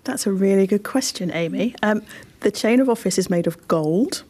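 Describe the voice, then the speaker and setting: A woman mayor answers a young interviewer's questions on a radio programme. She keeps things chatty and good-humoured, pausing on the occasional "um" as she explains her answers. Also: mid-range voice, expressive, mellow. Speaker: town mayor being interviewed.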